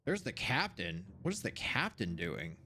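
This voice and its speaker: An animated streamer, thinking aloud while playing a game, voice jumping up high when surprised. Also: a little slow, slight background noise. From Seattle area, USA. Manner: animated, puzzling things out, sudden jumps to high pitch.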